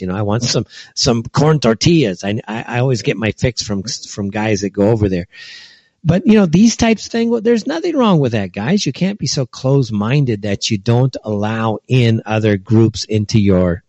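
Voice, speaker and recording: A man's voice: mid-range voice, sing-song, normal speed, darkish tone, no room sound. A man from California, talking in a loose, rambling monologue full of fillers and little acted-out asides. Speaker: commentator. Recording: dull, dry lo-fi recording.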